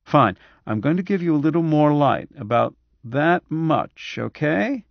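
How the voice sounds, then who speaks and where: A harried, sick doctor, voiced by a male narrator who talks briskly and coaxingly, sometimes a little impatient. The voice is gravelly and dry, and the recording sounds a bit dull. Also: on the high side, animated, no echo, voice pushed up. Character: harried, ailing man, a doctor with a cold.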